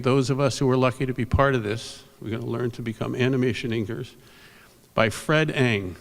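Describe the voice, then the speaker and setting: Gravelly older man telling stories on stage. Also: mid-range voice. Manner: rambling anecdotal, animated asides to the audience. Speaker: award presenter. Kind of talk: storytelling speech at an awards ceremony. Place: convention hall stage. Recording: reverberant convention hall.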